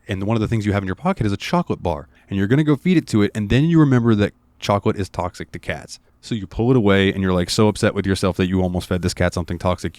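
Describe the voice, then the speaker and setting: Low-voiced man telling a game story. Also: dry recording. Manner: rambling, animated storyteller with many fillers. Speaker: podcast co-host. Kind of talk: casual podcast chat, retelling a game's story.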